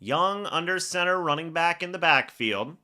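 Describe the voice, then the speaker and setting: A man's voice: a little high, expressive, normal speed, bright, forceful tone. A man hosting a live fan reaction stream, calling each play like a broadcaster and chatting to viewers between snaps. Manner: calls plays like a broadcaster, then chats with viewers.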